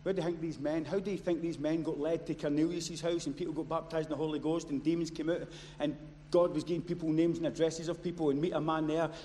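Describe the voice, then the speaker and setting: A man preaching a sermon. He moves from quiet storytelling to loud, impassioned shouting. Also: a little high. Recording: long hall reverb, faint noise.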